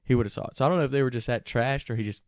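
Young male storyteller, casual and profane, mid-pitch, dry close mic. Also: racing, dry recording. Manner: animated, profane, laughing while telling.

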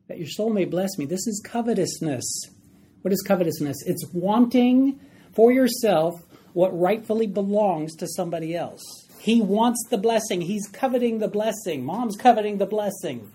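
A woman teaching a Bible study class in a room with a board, talking in a lively, conversational way and putting questions to the class. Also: mid-range voice, measured pace, slightly rough.

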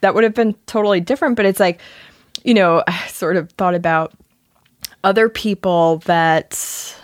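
A woman's voice: mid-range voice, normal speed, dry recording, clean studio sound. A woman with a Philadelphia accent co-hosting a podcast, chatting casually with lots of fillers and laughs. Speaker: podcast co-host. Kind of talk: casual chat.

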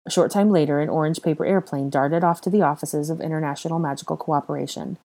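A woman reading fan fiction aloud in a steady, even narration. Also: low voice, fast talker. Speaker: reader.

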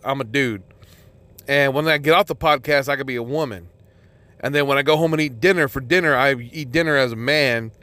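A man's voice: mid-range voice, a bit bright. A man hosting his own podcast, ranting in an exasperated, rambling way with constant swearing and lots of fillers. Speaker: podcast host. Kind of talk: profane solo podcast rant.

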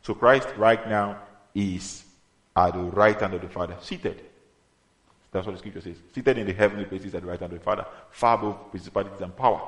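A man preaching a sermon, in an emphatic manner that rises to loud exhortation. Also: on the low side. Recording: echoey room.

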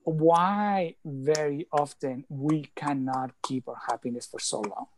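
A man speaking as an interview guest and coach, explaining ideas earnestly with slightly halting phrasing. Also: fairly high pitch, steady tone, background noise. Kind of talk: conversational interview talk.

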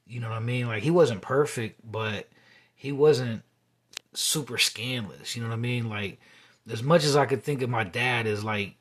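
Husky-voiced man rambling through a monologue. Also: medium pitch, moderate pace, a bit bright. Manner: rambling, confessional, many fillers. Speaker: podcast host. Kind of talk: solo podcast monologue.

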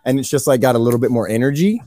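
A man who is a podcast guest, chatting casually and joking with quick asides. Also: mid-range voice, lively intonation, dark tone, dry recording.

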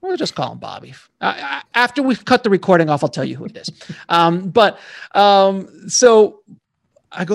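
Author guest, man, gravelly voice that sits a bit high, lively anecdotes in a dry close sound. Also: normal speed, no room sound. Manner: animated, slangy storyteller. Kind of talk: casual interview storytelling.

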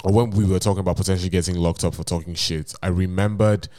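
Low-voiced rambling podcast co-host, man. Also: fairly even intonation, quick pace, warm tone, dry recording, studio quality. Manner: rambling storyteller, reads messages aloud punctuation and all. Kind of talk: casual chat.

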